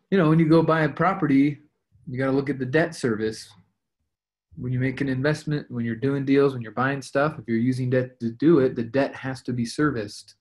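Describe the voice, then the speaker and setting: A man's voice: medium pitch, fairly even intonation, moderate pace, pauses often. Man coaching on a team call. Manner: conversational, acts out sample dialogues. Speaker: real estate investing coach.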